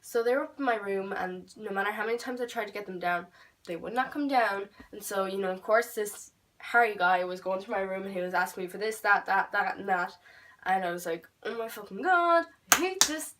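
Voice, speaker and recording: A woman's voice: mid-range voice, brisk, far from the mic, rough recording. Chatty teenage Irish girl, set back from the mic. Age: teens. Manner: animated, swearing, lots of "like" fillers. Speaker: beauty vlogger. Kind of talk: casual storytime vlog.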